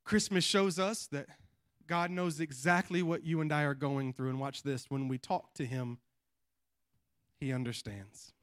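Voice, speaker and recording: A male pastor preaching a sermon in church, telling a family story with lively animation and often dropping to a hush before building up to a shout, with repeated asides like "watch this.". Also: a little high, a little slow, no room sound, clean studio sound. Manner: repeats catchphrases like "watch this" and "you know what I mean".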